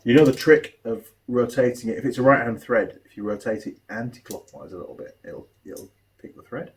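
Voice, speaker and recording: A man, a mechanic and video host, chatting and telling animated stories while building a kit. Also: medium pitch, brisk. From New Zealand. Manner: chatty, animated storyteller with a laugh. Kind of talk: casual chat while building a model kit.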